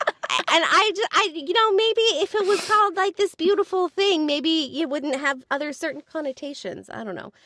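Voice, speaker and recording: A woman's voice: very high voice, moderate pace, bright, forceful tone, no room sound. A woman co-hosting a casual podcast chat, curious and chatty, trailing off mid-thought. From United States. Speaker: podcast co-host.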